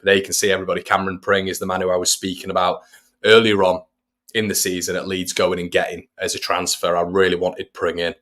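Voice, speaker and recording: A man's voice: deep voice, monotone, quick pace, a bit bright. A man hosting a live fan watch-along, giving casual play-by-play and chatting to viewers between the action. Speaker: fan channel host.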